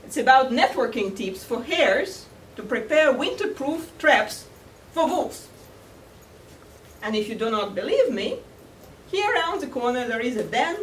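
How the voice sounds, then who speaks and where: A smug male hare voiced by a woman talks in a put-on American accent, calm and politely dismissive. The voice sits high and swoops around as the storyteller performs him. It comes from far off in an echoey hall. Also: a little slow, a little hiss or hum. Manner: calm, polite, brushing others off.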